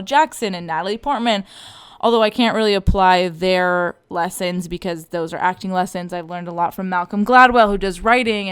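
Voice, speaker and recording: A woman co-hosting a casual podcast, rambling from one story to the next in a high, tinny voice. Her tone is very crisp and smooth. She sits close to the mic, and the sound is dry. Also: no room sound. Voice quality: high and bright, tinny and loud by her partner's account. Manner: chatty, rambling, playful with her voice. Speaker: podcast co-host. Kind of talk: casual chat. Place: home podcast setup, live-streamed.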